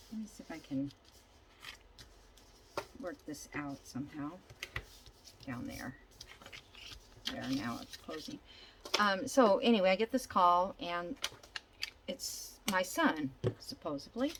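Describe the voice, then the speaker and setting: An older woman talks slowly and easily through a crafting session, musing to herself about each step. She wanders off into a rambling story and keeps losing the thread. Her pitch sits in an ordinary middle range. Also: background noise. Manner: chatty, thinks aloud while working, rambling storyteller. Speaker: junk journal crafter. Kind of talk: casual crafting vlog.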